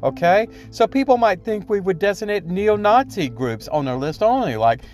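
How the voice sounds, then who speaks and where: Podcast guy ranting solo, kinda high voice, lots of uh and okay?, faint music behind. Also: animated, normal speed, a little mellow. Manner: rambling, tags points with "okay?"; frequent fillers and restarts, indignant. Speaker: podcast host. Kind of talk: solo opinion commentary.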